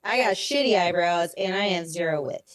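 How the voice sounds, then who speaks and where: A woman's voice: on the low side, lively intonation, normal speed, no echo. Young woman co-hosting, jokes about herself, laughs easy, dry close mic. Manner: self-deprecating, laughs often. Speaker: podcast co-host. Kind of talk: casual chat.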